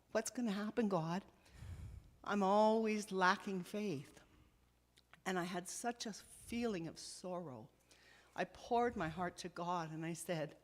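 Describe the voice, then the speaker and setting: A middle-aged woman sharing a personal faith testimony with a church congregation, telling her story slowly and from the heart. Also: on the low side. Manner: slow, heartfelt storytelling with soft dips.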